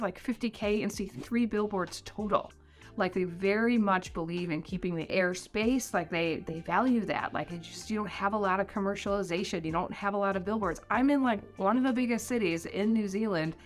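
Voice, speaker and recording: A middle-aged American woman vlogging tips on life abroad, in a rambling, chatty way full of "like". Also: mid-range voice. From United States. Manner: chatty, rambling, heavy use of "like". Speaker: vlogger giving tips on life in New Zealand. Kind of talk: casual talking-head vlog. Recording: faint music underneath.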